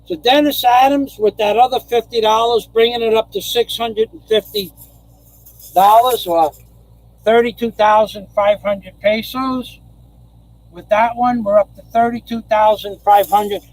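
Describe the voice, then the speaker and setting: A man's voice: sits high, fairly even intonation, measured pace, no echo, rough recording. An older man from New York rambling through a casual live stream, repeating phrases and chuckling as he goes.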